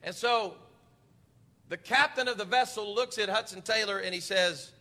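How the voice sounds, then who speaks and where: A man preaching a fervent sermon, building up to shouts. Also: high-pitched, normal speed, in a large hall.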